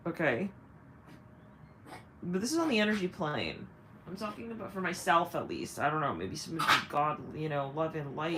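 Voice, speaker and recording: A woman's voice: mid-range voice, fairly bright tone, a little hiss or hum, poor audio. Blunt, salty woman psychic reader. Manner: frank, blunt, laughing, sometimes swearing. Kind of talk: live-stream spiritual reading.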